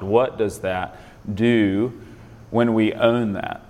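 A man's voice: on the low side, fairly even intonation, takes it slowly, darkish tone, long reverb tail. A man leading an interactive Bible lesson in a conversational way, often quizzing his listeners with questions. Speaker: Bible study leader.

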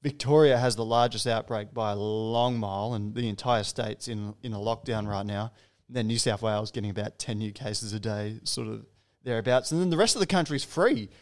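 A man's voice: lowish voice, normal speed, darkish tone. A man hosting a podcast interview, chatty and joking, tripping over his words now and then. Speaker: podcast host.

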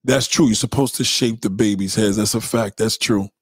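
A man hosting a livestream, reading chat and ranting in a blunt, mocking, animated way. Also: on the low side, normal speed, breathy edge, no room sound, clean studio sound. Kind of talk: casual profane rant.

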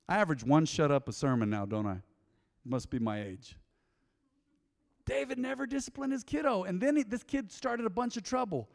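Middle-aged male pastor, high voice, lively conversational sermon delivery, long church reverb. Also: gravelly. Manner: animated, conversational preaching with asides to the congregation. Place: large church auditorium.

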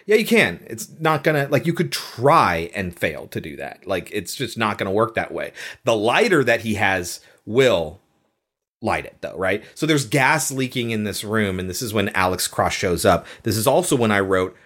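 This woman co-hosts a casual movie podcast and talks with big swings of pitch. She is emphatic and swears now and then as she recaps the plot. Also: animated, moderate pace, fairly bright tone, breathy edge. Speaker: podcast co-host.

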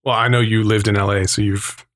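A man's voice: lowish voice, flat delivery, fairly quick, a bit bright. A man in casual chat, telling a rambling, swearing story full of tangents.

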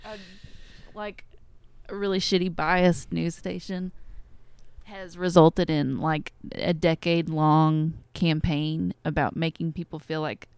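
A woman's voice: low-pitched, steady tone, slow pace, a little mellow, clear, resonant tone, no room sound. A woman from Wisconsin with a Wisconsin accent, talking in a rambling, profane, casual chat. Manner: rambling, profane, self-interrupting.

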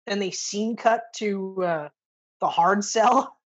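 A woman in a relaxed film chat, swearing freely and acting out lines from the movie. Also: medium pitch, slow. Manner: casual, swears often, acts out movie lines. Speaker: podcast co-host. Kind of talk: casual movie review chat.

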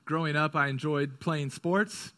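A male pastor preaching a sermon, moving from quick, urgent stretches to hushed, slow ones. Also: fairly high pitch.

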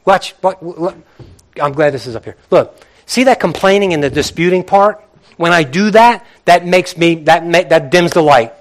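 Middle-aged male pastor, high voice, lively conversational preaching with acted-out asides. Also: moderate pace. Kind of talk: sermon.

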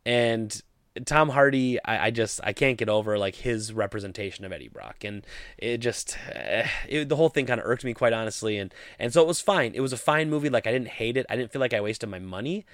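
A man's voice: mid-range voice, lively intonation, a little fast, no room sound, clean studio sound. A man giving a casual, opinionated movie review, sounding exasperated as he critiques the film.

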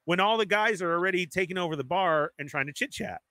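A man with a high-pitched, pushed, bright voice talks fast in a casual group conversation with no room sound. He tells a story animatedly, acting out other people's lines in quoted voices.

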